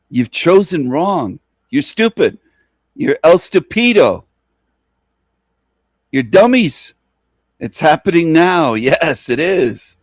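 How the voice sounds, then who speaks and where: A man's voice: medium pitch, no echo, studio quality. A man hosting his own channel, delivering a taunting, contemptuous monologue full of repeated jabs. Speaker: channel host. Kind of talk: ranting monologue.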